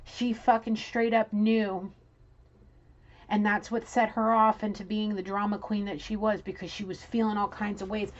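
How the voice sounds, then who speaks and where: A woman giving a casual tarot reading, blunt and profane, scolding and animated as she talks. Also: medium pitch, moderate pace, highs cut off. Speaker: tarot reader.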